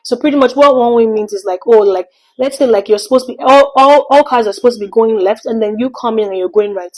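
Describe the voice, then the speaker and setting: A young adult woman from Nigeria, telling an animated storytime vlog and slipping in pidgin phrases. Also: mid-range voice, rough recording. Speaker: vlogger.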